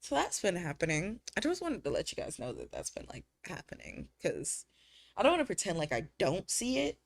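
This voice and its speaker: Gravelly and fairly low, her voice swoops wildly in pitch as she talks briskly. She's a streamer in casual conversation, cracking crude, teasing jokes with lots of laughter and letting thoughts fade into fillers.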